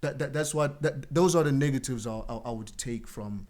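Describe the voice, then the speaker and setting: A man of Congolese background living in South Africa, a podcast guest speaking earnestly in casual chat, slangy, with halting restarts. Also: medium pitch, darkish tone. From Congolese community in South Africa.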